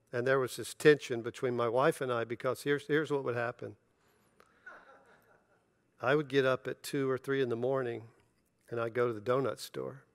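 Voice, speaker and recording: Delivering a sermon, this middle-aged male pastor animatedly shares personal stories and plays out the dialogue with laughter. His mid-range voice is creaky, and there's no room sound in the recording.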